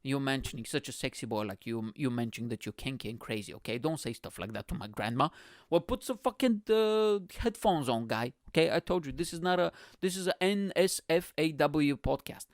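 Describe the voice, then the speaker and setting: A man's voice: a little high, expressive, brisk, dry recording, studio quality. A young man with an accent, hosting a podcast with a crude, boastful, self-mocking comedic monologue. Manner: speaks with an accent. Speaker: podcast host.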